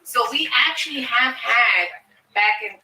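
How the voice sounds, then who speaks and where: A woman who investigates the paranormal, explaining her team's methods in a quick, matter-of-fact way during a live interview at a fair. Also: fairly high pitch, animated, bright, forceful tone. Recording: echoey, distant from the mic, faint noise.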